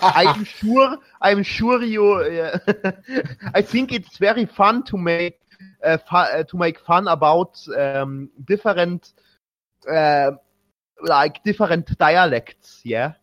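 A man from Germany with a German accent, chatting casually on a podcast, talking haltingly with frequent restarts. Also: sits high, expressive, a bit bright, dull audio. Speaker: podcast co-host. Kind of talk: casual chat.

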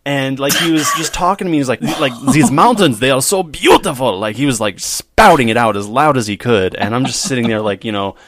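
A man's voice: medium pitch, quick pace, few pauses, a little hiss or hum. A man chatting casually, telling stories animatedly and leaning on fillers. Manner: animated storyteller, many fillers. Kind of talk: casual chat.

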